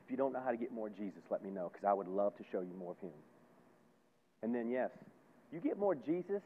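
A man preaching a sermon as pastor, folksy and emphatic, repeating phrases and swinging between loud and hushed. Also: fairly low pitch, expressive, fast, slight background noise. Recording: tinny phone-like sound.

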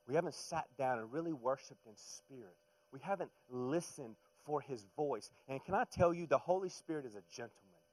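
A middle-aged man preaching a sermon in a conversational way, dropping to hushed tones and rising to loud emphatic bursts, often repeating words as he goes. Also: on the high side, rough recording. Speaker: pastor.

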